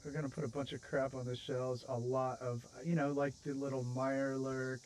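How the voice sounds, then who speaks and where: A man's voice: mid-range voice, flat delivery, moderate pace, darkish tone, slight background noise, poor audio. An American man hosting a game livestream, chatting casually and rambling, with self-mocking jokes. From United States. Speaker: streamer host. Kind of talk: casual chat while building in a game.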